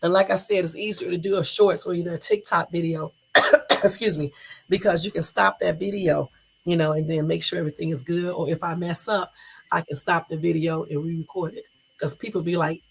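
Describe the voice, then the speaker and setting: A woman's voice: fairly low pitch, fairly even intonation, a little fast, vocal fry, a little hiss or hum. A middle-aged woman hosting a casual livestream chat, rambling and chatty with plenty of swearing, answering viewers' comments as she goes. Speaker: livestream host.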